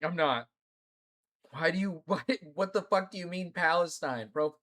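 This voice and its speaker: A man's voice: sits high, normal speed, a bit bright. A young man livestreaming, teary and in pain, groaning and swearing as he talks casually to his chat. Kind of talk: casual live-stream chat.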